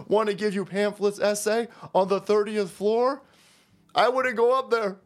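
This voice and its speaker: A man's voice: high voice, fairly even intonation, measured pace. A man hosting his own channel, delivering a foul-mouthed, mocking political rant. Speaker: commentary channel host.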